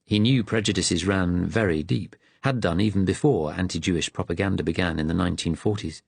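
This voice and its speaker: A man narrates an audiobook in steady, measured tones, his voice low and husky. He reads close to a studio mic in a dry, dead space. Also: no room sound. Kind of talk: scripted narration.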